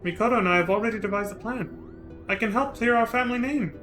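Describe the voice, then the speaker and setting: A man's voice: high-pitched, fast talker, sharp tone, faint music behind. A man reading the lines of a frail young woman from a game, earnest and solemn. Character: frail young woman, sister, eerie and yearning. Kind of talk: reading game dialogue aloud.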